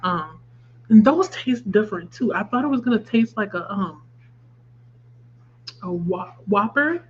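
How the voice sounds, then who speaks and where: A woman's voice: mid-range voice, expressive, a little slow. A woman in her thirties hosting a casual craft livestream, chatting and reacting to viewer comments with laughs. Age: 30s. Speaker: livestream host. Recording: slightly dull stream audio with faint hum.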